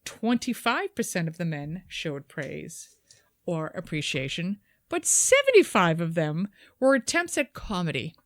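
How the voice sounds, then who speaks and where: A woman's voice: on the low side, unhurried, dry recording, studio quality. A woman co-hosting a podcast, chatting casually and reading excerpts aloud with wry, swearing mockery. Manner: wry, animated, swears freely and mocks the quotes. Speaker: podcast co-host.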